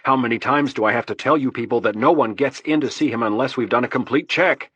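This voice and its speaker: A man voicing an urgent male Secret Service agent who speaks in a quick, clipped, commanding way. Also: medium pitch, fairly bright tone, breathy edge, no echo, highs cut off, pitched above the performer's own voice.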